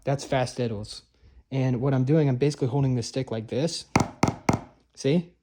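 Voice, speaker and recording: A man's voice: mid-range voice, moderate pace. A young man casually explaining how to hold a marching drum stick, talking loosely with lots of fillers and restarts. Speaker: drumline instructor. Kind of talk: casual instructional talk. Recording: noisy room recording.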